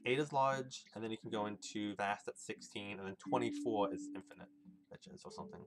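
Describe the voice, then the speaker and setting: A man's voice: lowish voice, fairly quick. A man streaming a video game, chatting casually with viewers in a rambling, swearing way. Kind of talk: casual gaming stream chat. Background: game music.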